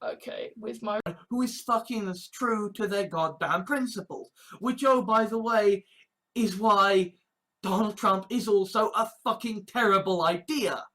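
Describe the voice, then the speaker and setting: A woman's voice: medium pitch, a little slow, a bit bright, poor audio. Woman vlogger, profane and sarcastic, ranting in loose digressive asides. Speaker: YouTube creator. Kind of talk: ranting vlog monologue.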